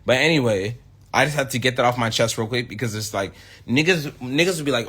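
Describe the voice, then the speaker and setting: A man's voice: mid-range voice, fairly quick, a bit bright, slightly rough. A young man from the United States, a rapper, in a boastful, profane, confrontational ranting monologue.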